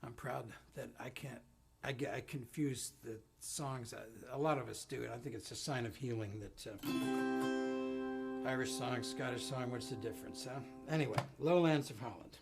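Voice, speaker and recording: A man's voice: mid-range voice, moderate pace, creaky. A man, a folk musician on a live stream, introduces a song in a rambling, self-deprecating way full of ums. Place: home studio. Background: guitar.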